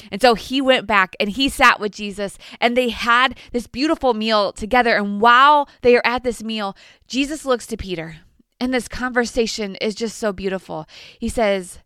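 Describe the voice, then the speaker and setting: Earnest woman teaching the Bible, smooth voice. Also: medium pitch, fairly quick, fairly bright tone, dry recording, clean studio sound. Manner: earnest storytelling with playful asides. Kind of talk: devotional teaching.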